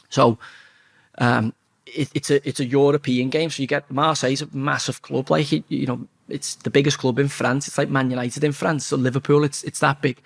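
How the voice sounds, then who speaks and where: A man's voice: medium pitch, gravelly. A man in his forties with a Scouse accent, a former footballer telling stories as an interview guest, swearing freely and acting out quotes. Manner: swears freely, lively anecdotes with acted-out quotes. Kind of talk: casual storytelling interview.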